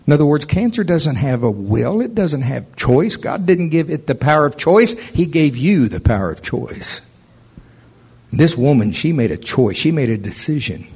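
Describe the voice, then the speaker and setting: Husky-voiced man preaching a sermon. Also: fairly high pitch, normal speed. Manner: conversational preaching, rising animated toward the end. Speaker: pastor.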